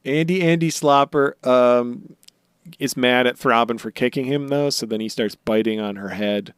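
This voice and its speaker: Laid-back man recapping, smooth voice. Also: mid-range voice, normal speed, no room sound, clean studio sound. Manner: rambling recaps with playful quoted voices. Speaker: podcast host. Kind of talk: casual comedic podcast chat.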